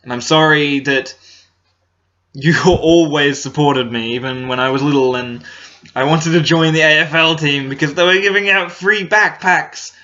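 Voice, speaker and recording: A young man talks straight to his laptop camera in a hesitant, halting way, full of ums and restarts. His voice is bright and tense. The laptop's built-in microphone makes the sound dull and lo-fi. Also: a little high. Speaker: comedy vlogger. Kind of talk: casual talk to camera. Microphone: laptop built-in mic.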